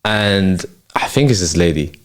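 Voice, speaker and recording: Man, young, lowish voice, slangy ranting, casual podcast chat. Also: animated, unhurried, smooth. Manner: ranting, slangy, swears freely. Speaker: podcast host. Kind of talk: casual late-night chat.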